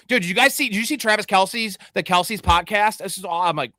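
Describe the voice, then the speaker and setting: A man's voice: high voice, fast, hardly any pauses, pushed and bright, dry recording. A man hosting a live podcast, chatting casually, laid-back and jokey with plenty of swearing. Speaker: show host.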